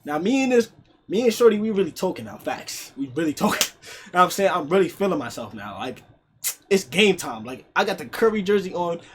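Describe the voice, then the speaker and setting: A young man telling a party story in a casual storytime, slangy and animated, with frequent laughs. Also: high-pitched, brisk.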